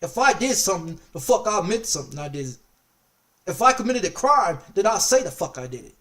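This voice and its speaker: A man with a notably high voice tells a story on a casual stream, angry and swearing constantly. He circles back and repeats his phrases again and again. The mic sits a little away from him. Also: big pitch swings, fairly quick, a bit bright, recorded from a distance. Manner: angry, profane, heavily repetitive.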